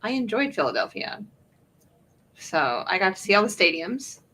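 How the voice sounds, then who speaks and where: A woman's voice: medium pitch, big pitch swings, moderate pace, sharp tone, slight background noise. A woman chatting playfully and telling a travel story. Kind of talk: casual chat.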